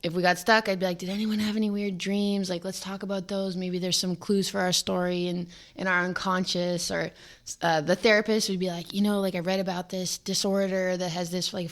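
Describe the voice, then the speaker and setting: A young woman, a filmmaker and lead actor, talking casually in an interview, animated and full of "like". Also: on the low side. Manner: animated, chatty, peppered with "like".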